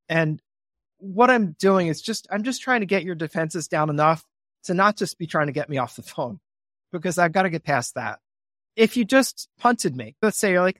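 A man being interviewed on a podcast about real estate investing, talking in an animated way and acting out his phone calls in a cheerful voice. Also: high voice, normal speed, dry recording, studio quality.

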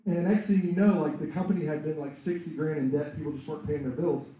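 A man preaching a sermon and telling his own testimony in an animated storytelling manner. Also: on the high side, fast talker. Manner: animated storytelling, acts out voices in quotes. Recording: very echoey room, voice far from mic.

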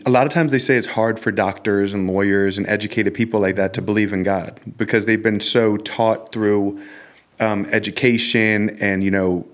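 A male interviewer reacting with emotion, laughing softly and holding back tears as he responds to a guest. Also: lowish voice. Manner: emotional, laughing between words. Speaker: interviewer, host. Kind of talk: conversational interview.

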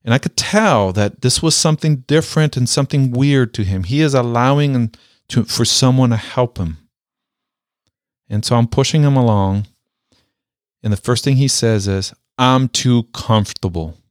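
A man telling a personal story with a military background, speaking emphatically, repeating key phrases and slowing down to stress them. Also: medium pitch, no echo, studio quality. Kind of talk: motivational storytelling.

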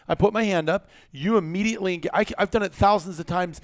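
Gravelly, blunt man hosting a podcast. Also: sits high, fast, dry recording, clean studio sound. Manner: animated storyteller, blunt and profane. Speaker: podcast host. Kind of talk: casual podcast chat.

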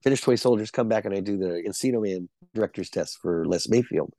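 A middle-aged actor, appearing as a guest in a casual interview chat, tells rambling anecdotes full of fillers and restarts. His voice is lowish and dark in tone, and he talks fast.

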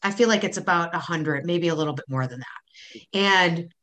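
Bright-voiced woman with a Wisconsin accent. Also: on the low side, moderate pace. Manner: chatty, laughs easily. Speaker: podcast co-host. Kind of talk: casual chat.

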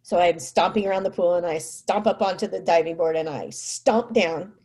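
امرأة ذات صوت دافئ تروي قصة. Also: female voice, lowish voice, normal speed, slightly rough. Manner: animated, acts out quoted speech; frequent fillers like "like" and "you know". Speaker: mother telling a personal story. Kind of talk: casual storytelling.

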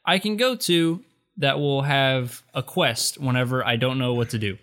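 A man's voice: medium pitch, moderate pace, fairly bright tone. A man co-hosting a casual podcast chat, often agreeing and chiming in to back up his partner. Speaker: podcast co-host.

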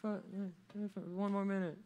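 A man's voice: sits high, flat delivery, a little fast, a little mellow, pitched above the performer's own voice. A man voicing a drowsy lazy kid who mumbles and whines to be left asleep. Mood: groggy pleading. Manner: groggy, whiny mumbling.

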